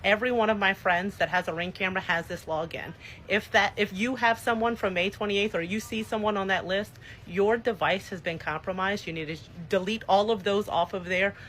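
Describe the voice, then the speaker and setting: A woman's voice: mid-range voice, steady tone, fairly quick, a bit bright, slight background noise, rough recording. Urgent woman warning viewers. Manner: urgent, emphatic.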